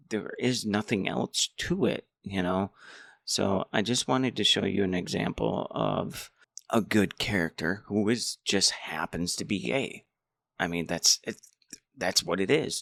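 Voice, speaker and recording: A man's voice: deep voice, gravelly, fairly bright tone, dry recording, studio quality. A man rambling casually through a movie review. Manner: rambling, many restarts. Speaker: movie commentator.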